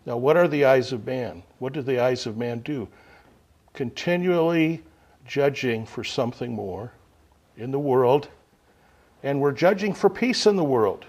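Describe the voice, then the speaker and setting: A man preaching a sermon to a gathering, unhurried, swinging from loud emphasis to quiet asides. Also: medium pitch, animated.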